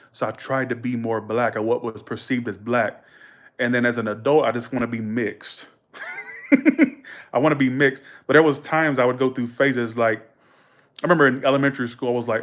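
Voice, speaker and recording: A man's voice: medium pitch, fairly even intonation, brisk, fairly bright tone. A man hosting a livestream in rambling, slangy casual chat, laughing often. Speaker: livestream host.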